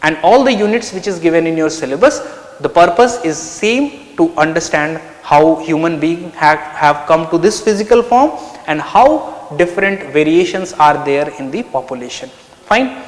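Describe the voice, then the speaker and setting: Male teacher, explanatory, high-pitched, echoey room. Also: lively intonation, normal speed. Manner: explanatory, asks and answers his own questions. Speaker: anthropology teacher. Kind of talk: online lecture.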